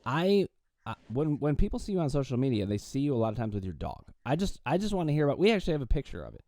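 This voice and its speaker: A man's voice: mid-range voice, sing-song, rapid-fire, warm tone, no room sound, studio quality. A man co-hosting a casual interview, cracking jokes in a playful way. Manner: joking, playful. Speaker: co-host.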